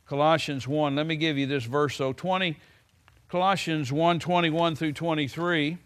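A man's voice: fairly high pitch, a bit bright. A man preaching a sermon in a folksy way, stretching words for emphasis and breaking in with "hallelujah.". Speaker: pastor.

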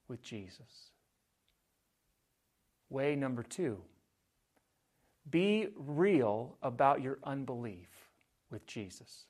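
Slow, measured man preaching a sermon. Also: mid-range voice. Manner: measured preaching, dropping soft on key phrases. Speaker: pastor.

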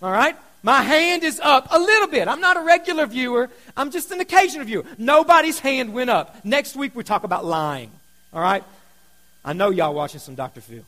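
A man preaching a sermon, telling stories in a conversational way, going from loud emphasis to hushed asides. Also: extremely high pitch, expressive, a little fast. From Kentucky. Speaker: pastor.

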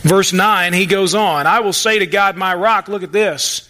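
Male pastor, high bright voice, chatty sermon delivery. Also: normal speed. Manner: conversational preaching, acts out the psalmist's voice.

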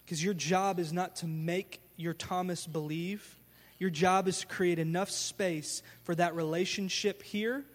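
A man preaching a sermon as pastor, telling the story with lively, casual slang. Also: a little high, big-room sound. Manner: animated storytelling, acting out scenes with casual slang.

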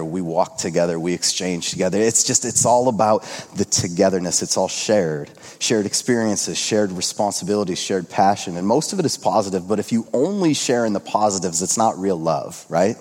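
Earnest lower-voiced male pastor in a hall. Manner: earnest, shifting between hushed and excited. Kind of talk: conversational sermon.

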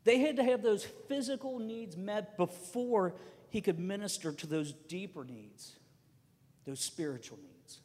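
Animated preacher with a lively high voice. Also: male voice, a little slow, big-room sound. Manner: animated storytelling preacher, swings between loud and soft. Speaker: pastor. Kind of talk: sermon.

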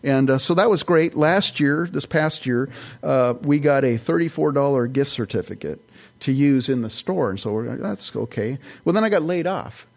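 A man's voice: mid-range voice, lively intonation, moderate pace, creaky, darkish tone. Man preaching a rambling conversational sermon. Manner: conversational, rambling with restarts and side notes. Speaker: pastor.

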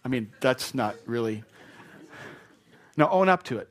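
A middle-aged male pastor preaching a sermon. He acts out quoted apologies and excuses with lively shifts of voice. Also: mid-range voice, measured pace, pauses often.

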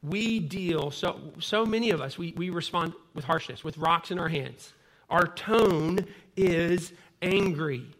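A man's voice: a little high, normal speed, few pauses, fairly bright tone. A man in his thirties preaching a sermon in a conversational way, telling personal stories. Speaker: pastor.

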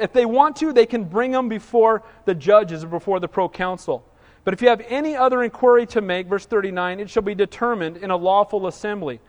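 A male pastor preaching an expository sermon, animated, acting out quoted voices and asking for the congregation's agreement. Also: sits high, long reverb tail.

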